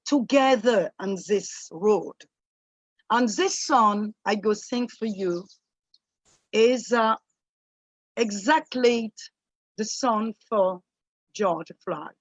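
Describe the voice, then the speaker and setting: Slow, halting French-accented woman. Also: mid-range voice, no echo, dull audio. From Martinique. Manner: halting, searching for words, earnest. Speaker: guest singer. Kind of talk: casual remarks on a video call.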